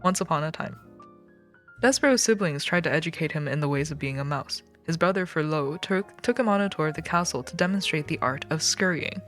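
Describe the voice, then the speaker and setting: A woman's voice: deep voice, a little fast, a bit bright, soft background music. A woman streamer reading a children's book aloud, breaking off for joking, swearing asides.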